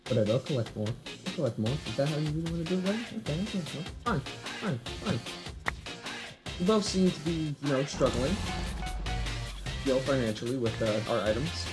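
This voice is a gaming commentator who drops into quiet mumbles one moment and jumps to shrill shouts the next. The talk keeps circling back on the same words, full of mock outrage at their own play. Game music plays clearly underneath, at a voice pitch that sits in the middle. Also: fairly quick, pauses often. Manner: excitable, loops the same phrase over and over; swings between low muttering and high yelps. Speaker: gameplay commentator. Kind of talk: live gameplay commentary.

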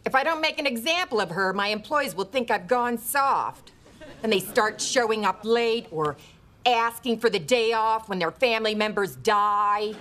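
A woman's voice: a little high, animated, moderate pace, fairly bright tone. A middle-aged actress playing a ruthless, greedy talent agent who bosses her staff with blunt threats in a sitcom scene. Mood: callous. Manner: brash and blunt, sudden threats. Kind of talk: sitcom acting.

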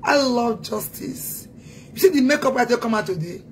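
A woman's voice: on the high side, animated, moderate pace, a little hiss or hum. A woman with a Nigerian accent delivering a heated, taunting social media rant as a self-styled activist. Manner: taunting, scolding, emphatic.

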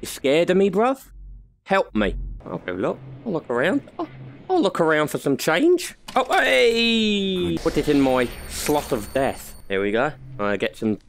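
Lively young man joking over a game. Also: on the high side, measured pace, vocal fry. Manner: joking, crude banter, frequent laughs. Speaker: gaming video host. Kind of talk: comic let's-play commentary.

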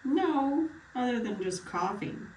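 A woman's voice: fairly high pitch, lively intonation, slow, a little mellow, a little hiss or hum. A woman playing a retired older male patient with a bad cough in a mock doctor-patient role-play, giving short plain answers. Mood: tired. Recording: echoey room, far from mic, faint ambience.

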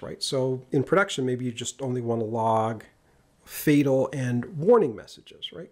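A man giving a casual, jokey coding tutorial, talking through each step as he types. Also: medium pitch. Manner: casual and jokey, talks while typing code. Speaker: programming instructor. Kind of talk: screen-recorded coding tutorial.

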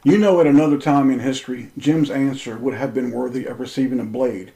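In a rough recording, a mellow-voiced man speaking at normal speed delivers an intense, combative monologue about something that happened to him. He swears liberally and moves back and forth between loud and quiet speech.

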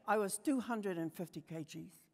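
An older woman with a New Zealand accent, giving a passionate personal storytelling talk at a conference, moving between soft and emphatic. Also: mid-range voice, moderate pace. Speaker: conference speaker. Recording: long hall reverb.

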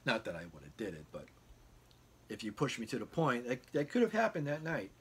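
A man's voice: medium pitch, wildly swooping pitch, brisk, breathy edge. A man casually telling a long rambling story from his bedroom, acting out the quoted dialogue with lots of fillers and restarts. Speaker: guitar vlogger. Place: home bedroom.

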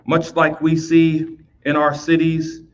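In a recorded Bible lesson, a teacher explains scripture in a loose, talky way, repeating words and throwing in "right?" to check on listeners. His voice is a little high for a man, his delivery completely flat and slow, and the recording sounds dull and lo-fi.

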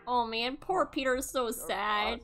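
A woman giving casual gameplay commentary, excitable and cursing freely, often laughing and shouting in mock outrage. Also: on the high side, measured pace, faint music behind. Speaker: gaming YouTuber.

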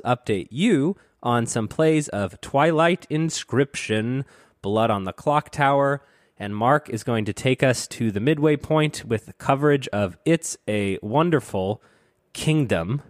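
A man's voice: medium pitch, unhurried, no room sound, studio quality. Playful man hosting a podcast. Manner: playful, jokey, teasing. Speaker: podcast host. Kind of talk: casual podcast chat.

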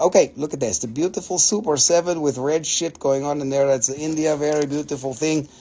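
An excitable man hosts a live crystal sales stream, gushing over each piece and swearing freely. His voice sits fairly high for a man. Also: fairly quick, few pauses, slightly rough.

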